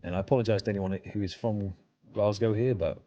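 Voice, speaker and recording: A man's voice: lowish voice, fairly even intonation, fast, mellow, lo-fi sound, slight background noise. A man streaming a game, chatting casually and answering his chat while he plays.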